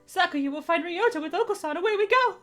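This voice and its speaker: A woman voicing a hyperactive young male pigeon who shouts his lines with wild excitement. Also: very high voice, fast talker, soft background music, pitched above the performer's own voice. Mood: excited. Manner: loud, excited exclamations. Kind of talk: reading game dialogue aloud.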